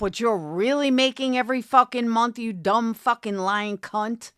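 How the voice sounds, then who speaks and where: A woman's voice: a little high, normal speed, fairly bright tone, clean tone, dry recording, clean studio sound. A woman commentary creator delivering a profane, contemptuous callout rant, confrontational throughout. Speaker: commentary YouTuber.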